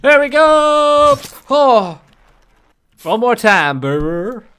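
Dude doing goofy let's-play commentary, bright voice, drawls his words out slow. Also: very high-pitched, sing-song, smooth. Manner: playful, exclamatory, talks to the game. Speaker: gaming channel host. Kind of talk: casual gameplay commentary.

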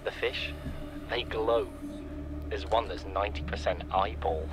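An actor playing a young male scientist keeping an audio diary in a game, calm and reflective. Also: lowish voice, measured pace, natural voice. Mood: curious. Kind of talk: recorded in-game voice log. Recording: game audio with music underneath.

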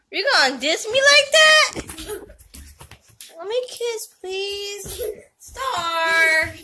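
Playful young mother with a high, bright voice. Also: slight background noise. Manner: playful, teasing, coaxing in a high voice. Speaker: vlogger, mother. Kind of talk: casual home vlog playing with her child. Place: home living room.

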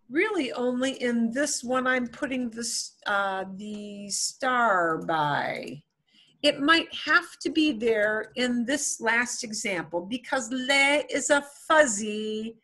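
A woman teaching a beginner Spanish class. She speaks slowly and patiently, in a bright, fairly high voice. She explains grammar with playful, homely comparisons.

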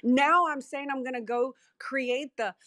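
A woman guest talking candidly and emphatically about fear, in a self-deprecating, animated way, on an online group call. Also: high voice, unhurried, no echo, studio quality. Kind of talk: candid motivational talk.

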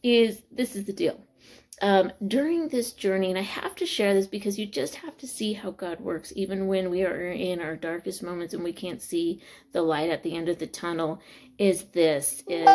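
A woman in her forties, vlogging in an excited, exclamatory way with frequent laughter, filmed in a small corner of a room. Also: lowish voice, moderate pace. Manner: bubbly, exclamatory, laughing often. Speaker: vlogger sharing faith and school news. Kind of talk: excited casual vlog testimony.

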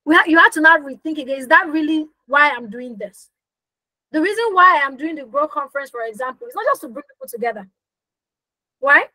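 A woman's voice: high-pitched, animated, a little fast, bright, forceful tone, no echo, poor audio. A young woman coaching a live online business class, emphatic, repeating her phrases and asking the audience questions. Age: young adult. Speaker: business coach hosting a workshop.

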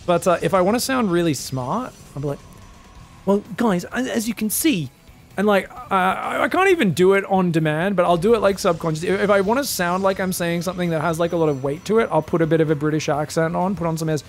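High-voiced Australian man casting, joking. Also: fast, hardly any pauses, a little hiss or hum. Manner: joking, self-mocking, bursts into excited shouts. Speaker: esports caster. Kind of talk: live game commentary and chat banter.

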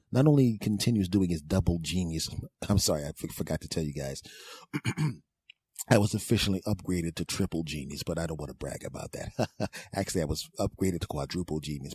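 A man's voice: low-pitched, mellow, breathy edge, no room sound, studio quality. A middle-aged man hosting a podcast, telling a comic story in an exasperated, sarcastic rant and repeating phrases for emphasis. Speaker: podcast host.

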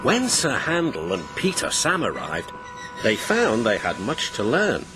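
A man narrating a children's story about engines in a gentle, even storyteller's voice. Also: mid-range voice, a little slow. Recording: narration over loud background music.

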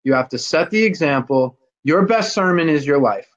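A man's voice: fairly high pitch, lively intonation, normal speed. A blunt, emphatic man chatting as a guest on a livestream. He talks without filters and swears freely. His voice comes through a dull, lo-fi call line. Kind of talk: casual chat on a livestream.

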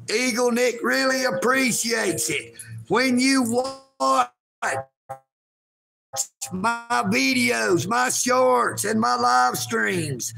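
A man in his fifties hosting a rambling live stream, talking slowly while smoking and breaking into shouts. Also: extremely high pitch, vocal fry. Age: 50s. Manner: slow, drawn-out, breaks into shouting. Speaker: livestream host.

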